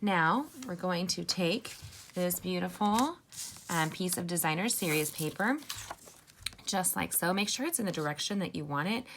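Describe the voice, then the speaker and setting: A woman chats her way through a crafting tutorial, upbeat and personal with her viewers. Her lowish voice carries a gravelly edge, over a faint background hiss. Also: expressive, normal speed, a bit bright. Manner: chatty, upbeat, addresses viewers as "you guys" and "sisters". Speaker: card-making instructor.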